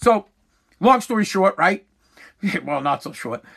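A middle-aged man doing stand-up, telling a profane story with lively asides and acted-out quotes. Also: sits high, a little slow, gravelly, breathy edge. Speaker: stand-up comedian.

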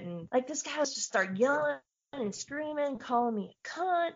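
A woman chats with animated flair, telling stories and swearing freely. Her voice sits a touch high. The audio is dull and lo-fi. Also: moderate pace, slightly rough. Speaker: podcast co-host. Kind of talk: casual chat.

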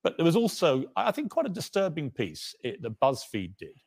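A man interviewing a guest, asking questions in a measured, probing way. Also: on the high side, wildly swooping pitch, creaky, a little mellow, breathy edge, no room sound, clean studio sound.

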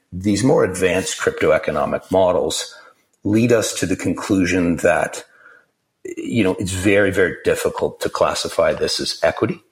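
A man being interviewed as a crypto project founder, talking in a measured way with many fillers and restarts. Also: low voice. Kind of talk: interview answers.

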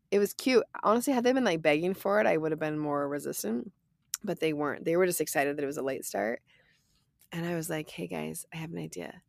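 A woman in her thirties co-hosts a podcast in an animated, playful way, full of "like" and "you know." Her voice sits low with a gravelly fry, and the sound is dry and close. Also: no room sound. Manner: animated, playful, lots of fillers. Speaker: podcast co-host. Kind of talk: casual chat.

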